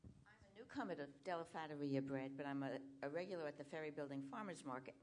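A woman's voice: low-pitched, quick pace. A woman from the audience telling a chatty anecdote. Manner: chatty storyteller. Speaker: audience member.

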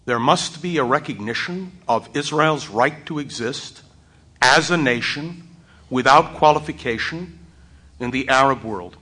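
A man speaking on a panel, blunt and deliberate, pressing his points firmly. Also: medium pitch, bright, forceful tone, husky. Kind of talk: panel discussion.

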